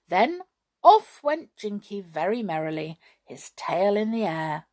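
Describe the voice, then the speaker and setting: A woman reads a children's story aloud at an unhurried pace. Her voice rises and falls freely, and she adds chatty asides to the listener. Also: lowish voice. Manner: expressive, animated, chatty asides.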